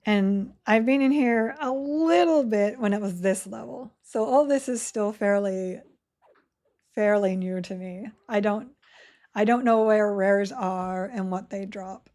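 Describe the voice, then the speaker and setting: A woman's voice: mid-range voice, a little slow, a little mellow. A young adult woman streaming a game live, chatting casually, giggling and reading chat aloud.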